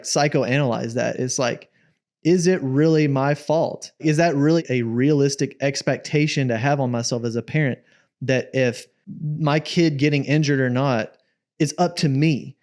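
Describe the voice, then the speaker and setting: A man's voice: medium pitch, darkish tone. A man co-hosting a parenting podcast, reflecting and thinking aloud in casual conversation. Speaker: podcast co-host.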